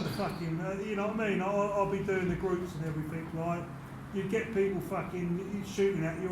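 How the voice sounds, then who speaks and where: A man telling stories in a casual interview, blunt and animated, swearing constantly. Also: high-pitched, background noise. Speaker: interviewee, former doorman. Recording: echoey room.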